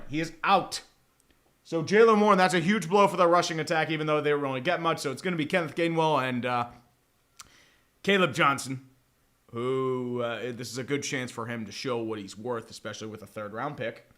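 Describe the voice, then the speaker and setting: A man's voice: on the high side, lively intonation, normal speed, bright, forceful tone. A young man casually chatting and joking through a live sports watch-along, profane and rambling with dramatic swings. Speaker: livestream host.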